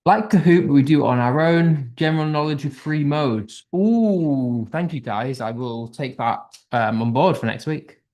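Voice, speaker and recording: A man's voice: fairly high pitch, measured pace, hardly any pauses, darkish tone. A man with a British accent teaching an online English class, upbeat and thinking aloud as he reads out quiz answers. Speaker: English tutor.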